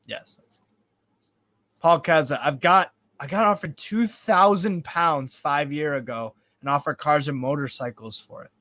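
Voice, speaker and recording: On the high side and a little slow, the young man's voice sounds pushed and bright as he hosts his live football watchalong. He rambles casually, swears a lot, and reads the chat aloud, with no room sound in the recording.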